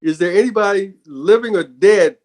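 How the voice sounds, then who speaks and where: Animated storytelling male bassist. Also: moderate pace. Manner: animated, repeats words while telling stories. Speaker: bassist and guest. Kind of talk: casual interview storytelling.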